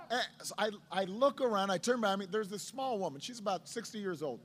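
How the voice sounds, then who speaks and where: A middle-aged man, a politician, telling a story in a speech to a crowd, with a halting delivery full of repeated words. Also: high voice, animated, a bit bright, slight background noise.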